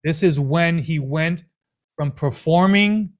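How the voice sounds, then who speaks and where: A pastor delivers a lively sermon in a notably high voice. He leans on rhetorical questions and repeats phrases for emphasis as he preaches. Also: slow.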